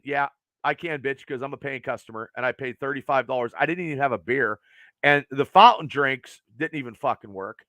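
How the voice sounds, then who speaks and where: A man's voice: on the high side, animated, normal speed, vocal fry, sharp tone, no echo. A man in his early fifties hosting a podcast, ranting casually and profanely in a rambling way. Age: 50s. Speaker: podcast host.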